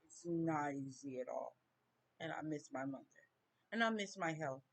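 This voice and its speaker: A woman, talking slowly and haltingly in a personal vlog rant, near tears. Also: low voice, animated. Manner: slow, halting, tearful grief. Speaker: vlogger.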